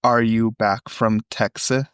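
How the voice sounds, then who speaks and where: A man voicing a mysterious male phone caller who speaks slowly and flatly. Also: lowish voice, clear, resonant tone, no room sound, clean studio sound. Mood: eerie, flat.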